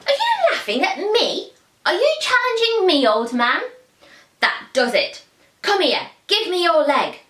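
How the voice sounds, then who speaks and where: A woman voicing a hot-tempered, boastful young prince who shouts when he is cross, in an echoey room. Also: fairly high pitch, measured pace. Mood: angry. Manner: shouting, indignant.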